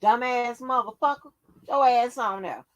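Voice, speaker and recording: A woman's voice: fairly high pitch, a little slow. A woman hosting her own channel, delivering a profane, confrontational rant that scolds her viewers. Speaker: channel host.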